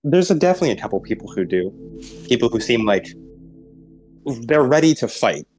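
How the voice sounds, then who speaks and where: A man narrating as game master in a tabletop role-playing game, describing scenes in a halting, searching way. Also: medium pitch, big pitch swings, darkish tone, faint music behind. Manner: descriptive, halting, many restarts and fillers.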